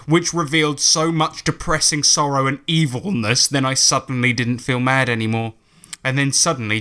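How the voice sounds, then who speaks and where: A man's voice: mid-range voice, pushed and bright. A male podcast co-host giving a comic reading aloud, with mock emphasis and wry asides. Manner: reads with mock emphasis, breaks off into laughter and asides.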